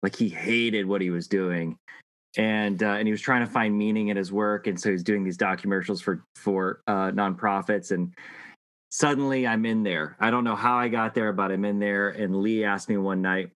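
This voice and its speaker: A middle-aged man telling a long personal story in casual chat, halting and restarting often. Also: fairly low pitch, fairly even intonation, a bit bright, dry recording. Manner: rambling, halting with many restarts.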